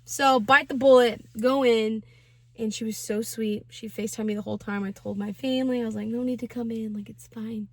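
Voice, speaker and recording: A woman's voice: on the high side, fairly even intonation, brisk, no echo. Chatty young woman, dry close sound. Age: 20s. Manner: chatty, slangy, many fillers. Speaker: vlogger. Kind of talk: casual storytime.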